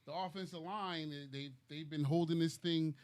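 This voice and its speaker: Hesitant man thinking out loud. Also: a little high, fairly even intonation, normal speed. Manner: thinks aloud, hesitant, tags points with "right?". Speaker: podcast co-host. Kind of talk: casual sports chat.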